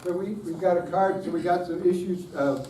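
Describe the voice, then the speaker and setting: A man's voice: high-pitched, moderate pace, mellow. A middle-aged man giving a conference talk on worship, joking with the audience and poking fun at himself. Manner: self-deprecating, joking with the audience. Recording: roomy, distant room mic, faint hiss.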